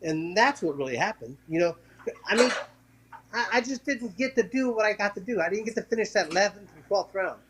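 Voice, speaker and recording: A man with a high voice tells the story of one of his fights in a casual interview. He talks in quick bursts, tripping over restarts and repeats, and acts out the lines of the people in the story. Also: animated, background noise. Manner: acts out quoted voices while telling a story. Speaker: former professional boxer, interview guest.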